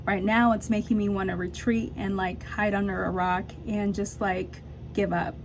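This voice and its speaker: A young woman talking straight to her camera in a confessional vlog. She is candid and halting, pausing to find her words. Her voice sits in an ordinary middle pitch. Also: flat delivery, faint music behind. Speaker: vlogger.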